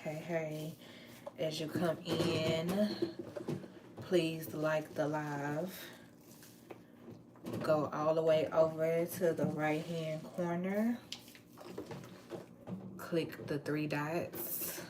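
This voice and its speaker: A woman chatting casually on a livestream, playful and drawn-out, while washing dishes at home. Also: deep voice, flat delivery, background noise. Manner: chatty, playful, drawn-out words, Southern US slang. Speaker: vlogger. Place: home kitchen.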